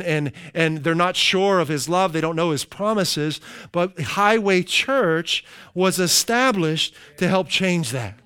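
A middle-aged man preaching a sermon as pastor, slowing down to stress key phrases and dropping into conversational asides. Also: high voice, fairly bright tone, smooth, no echo, clean studio sound. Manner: slows down for emphasis, conversational asides.

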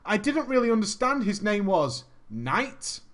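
A man telling a comic gaming story in an animated way, laughing and swearing often. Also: high-pitched, a little slow.

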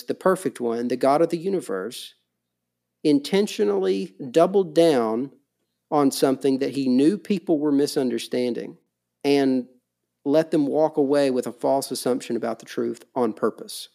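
A man with a mellow, mid-pitched voice makes his points about a Bible passage in relaxed conversation. He leans on key words and keeps asking "right?" to check that his partner follows. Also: normal speed, gravelly. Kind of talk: casual Bible discussion.

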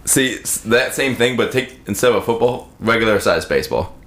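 A man co-hosting a podcast, cracking dry, deadpan, self-mocking jokes. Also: fairly low pitch, a little fast. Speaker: podcast co-host. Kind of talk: crude casual chat. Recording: echoey room with faint noise.

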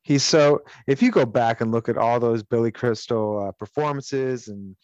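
A man's voice: medium pitch, normal speed, darkish tone, dry recording, lo-fi sound. A man co-hosting a podcast, chatting casually, rambling and swearing, with strong opinions. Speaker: podcast co-host.

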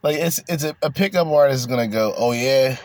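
A man's voice: fairly high pitch, fast, no echo. A man hosting a casual podcast, ranting bluntly and crudely with lots of swearing. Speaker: podcast host.

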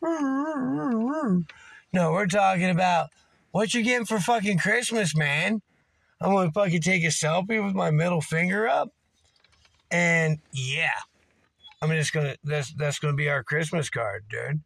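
A man hosting a podcast in a loud, profane, rowdy rant at home. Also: high-pitched, unhurried, creaky, dry recording. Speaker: podcast host. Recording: rock music blaring behind. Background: loud rock music.

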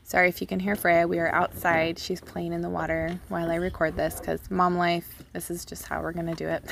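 A woman's voice: fairly low pitch, level tone, a little fast, vocal fry, a bit bright, slight background noise. A young woman hosting a podcast, telling a personal story in a casual, chatty way full of "like" and "um", recorded outdoors. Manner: chatty, lots of "like" and "um". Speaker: podcast host. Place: outdoors, child playing in water nearby.

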